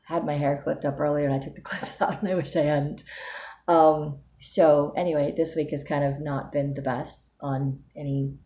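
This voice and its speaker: A woman's voice: low-pitched, level tone, moderate pace, mellow. A woman giving a weekly video diary update, talking candidly and thinking aloud about herself. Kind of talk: casual spoken video diary.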